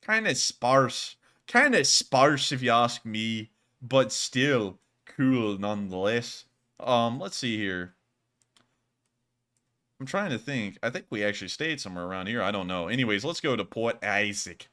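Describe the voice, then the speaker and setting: Bright-voiced joking male stream host. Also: fairly low pitch, moderate pace. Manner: jokey, loose and chatty. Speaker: host of a live war-news stream. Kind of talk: casual live-stream commentary.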